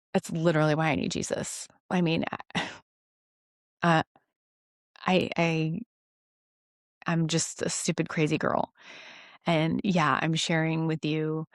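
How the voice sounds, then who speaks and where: A woman giving a rambling, earnest faith testimony, self-deprecating and quick to laugh at herself. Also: low voice, no room sound, studio quality. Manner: halting restarts when emotional. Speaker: Christian devotional vlogger.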